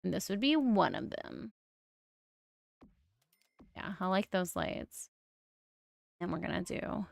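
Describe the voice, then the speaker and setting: A woman's voice: medium pitch, animated, slow pace, creaky, pauses often, dry recording. A young adult woman with a mild lisp, streaming and musing aloud as she builds in a game, with frequent oohs. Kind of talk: casual game-building commentary.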